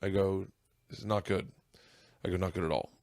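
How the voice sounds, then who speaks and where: A man hosting a podcast, telling an emotional story in casual chat, his voice climbing high as he gets choked up. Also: steady tone, fairly quick, creaky, a little mellow, no room sound. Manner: emotional, voice rising high as he tears up. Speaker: podcast host.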